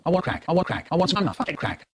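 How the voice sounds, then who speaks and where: A man telling comic stories in an animated, expressive way, in chopped-up clips. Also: fairly high pitch, fast talker, slightly rough. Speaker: storyteller. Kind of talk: spliced comic storytelling clips.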